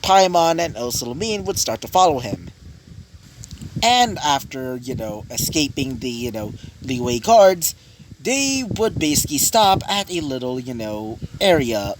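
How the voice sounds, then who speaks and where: A man improvising a fan story aloud, rambling with many fillers and restarts. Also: mid-range voice. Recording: noisy home recording.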